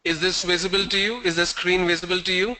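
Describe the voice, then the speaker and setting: A man's voice: sits high, fairly even intonation, fast talker, pushed and bright, a little hiss or hum, rough recording. A man teaching an online English class over a video call, quizzing students and joking with them. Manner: asks the class questions, teasing and joking. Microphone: video call mic.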